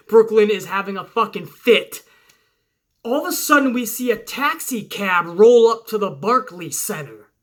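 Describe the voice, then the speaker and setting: Host-type male, bright forceful voice, cursing through hype play-by-play of his dream match. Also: high voice, measured pace. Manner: excited, swearing storyteller narrating moves blow by blow. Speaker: wrestling show host. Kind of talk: profane fantasy-booking play-by-play.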